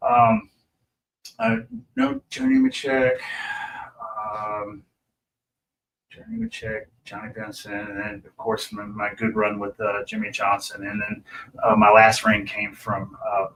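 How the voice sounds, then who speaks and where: A man's voice: lowish voice, a little slow, long pauses, fairly bright tone, slight background noise. A man, a pit crew member, telling racing stories in a casual, rambling way with many restarts. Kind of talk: casual storytelling on a racing talk show. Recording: from a distance.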